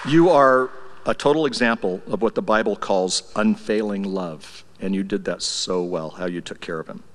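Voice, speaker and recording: A man's voice: lowish voice, normal speed. Older man giving a memorial tribute. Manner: storytelling, wry and affectionate, drops soft when emotional. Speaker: eulogy speaker. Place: church sanctuary. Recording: reverberant church hall.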